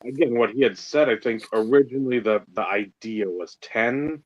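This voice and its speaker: A man on a casual podcast who drops short, dry quips between longer explanations. His voice comes through a slightly dull, lo-fi line, at a middle pitch. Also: normal speed. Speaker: podcast co-host. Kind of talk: casual chat. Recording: dull lo-fi sound.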